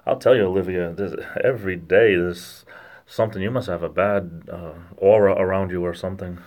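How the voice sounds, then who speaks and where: A man with a Rhode Island accent, casually chatting and joking with viewers on a livestream in a rambling, halting way. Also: sits low, fairly even intonation, a little mellow. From lower New England, Rhode Island–Massachusetts border. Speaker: livestream host reading chat.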